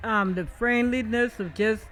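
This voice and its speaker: Older man, interview guest, slow speech, high voice, reflective. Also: a bit bright, faint music behind. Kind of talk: casual chat.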